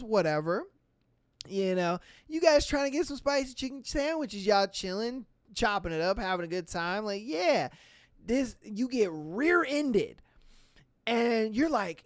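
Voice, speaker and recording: A podcast host in casual storytelling mode, reading listener posts aloud and riffing on them in slang. The voice sits at a middle pitch, and the recording is dry and close. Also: unhurried, no echo. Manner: animated, slangy, laughs at own stories.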